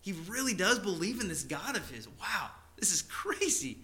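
Scornful rival priests scoff in disbelief at a man they call crazy, with a preacher putting them on. The voice is bright and fairly high. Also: sing-song, moderate pace, exaggerated voice. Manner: scornful, incredulous. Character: scoffing rival male priests mocking a prophet.

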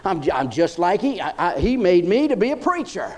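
A man's voice: sits high, sing-song, fairly quick, a little mellow, a little hiss or hum. A man preaching a folksy sermon, often asking his congregation "Huh?".

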